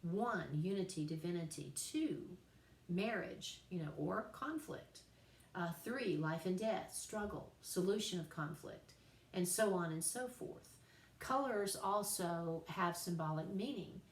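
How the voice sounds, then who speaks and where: Lady teacher lecturing on poetry, kinda low voice, chatty n playful, roomy sound a bit off mic. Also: lively intonation, far from the mic. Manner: chatty, playful, slows down to spell out examples. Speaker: writing teacher. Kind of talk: recorded class lecture.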